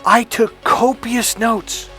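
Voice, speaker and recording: A man voicing an overeager grown man client, quoting him in a higher, insistent tone. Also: fairly even intonation, takes it slowly, pushed and bright, soft background music, heavily acted. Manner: pleading, insistent.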